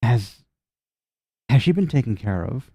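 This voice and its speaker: A man's voice: mid-range voice, big pitch swings, measured pace, mellow, slightly rough, dry recording, clean studio sound, full character voice. A man voicing an anxious fey woman villager who stammers and gushes. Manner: breathless, stammering, gushing.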